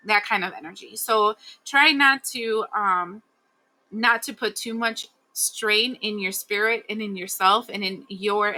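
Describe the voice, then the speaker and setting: A woman with a bright, forceful voice talks through a weekly astrology forecast in a casual, rambling way. She fills her sentences with fillers and asides as she goes. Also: mid-range voice, rough recording. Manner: rambling, loose, full of fillers.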